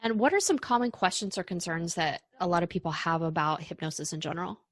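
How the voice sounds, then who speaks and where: A woman's voice: fairly low pitch, quick pace, no echo. A woman hosting a podcast interview, chatty and enthusiastic as she asks questions. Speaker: podcast host.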